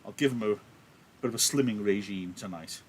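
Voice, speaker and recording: A man's voice: on the low side, brisk, a little hiss or hum. A man teaching live, reading a play aloud and explaining it in a joking, chatty way over a laptop mic.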